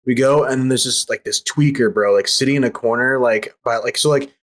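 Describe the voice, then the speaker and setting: A young man telling a story in casual podcast chat over a voice call, rapid and profane, packed with fillers. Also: medium pitch, fairly even intonation. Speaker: podcast participant. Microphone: remote call over voice chat.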